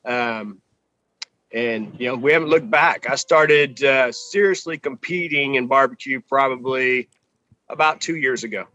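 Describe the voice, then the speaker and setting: A man from Texas, guest on a barbecue podcast, chatting in a relaxed way with many pauses, on a video call from outdoors. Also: medium pitch, no room sound, low-quality recording. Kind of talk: casual podcast conversation.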